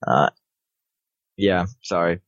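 A lower-voiced man in casual podcast chat, tripping over words as he reads listener mail. The recording is dull and muffled. The sound is dry, with no room echo. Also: fairly bright tone. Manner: stumbling, halting reads. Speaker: podcast co-host.

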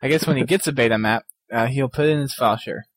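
Male co-host, gaming podcast banter, mid pitch, dry close sound, jokey reads. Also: quick pace, no room sound. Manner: jokey, laughs often. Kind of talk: casual chat, reading listener emails.

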